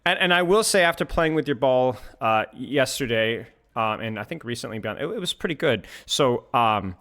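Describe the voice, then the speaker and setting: A man's voice: medium pitch, lively intonation, moderate pace, fairly bright tone. A man coaching a player in a casual chat, joking and teasing as he goes. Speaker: game coach.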